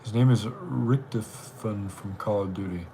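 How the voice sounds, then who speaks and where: A man's voice: on the low side, measured pace, dark tone, a little hiss or hum. A man hosting a live stream, rambling and chatty as he reacts to viewers. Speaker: livestream host. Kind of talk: casual live-stream chat.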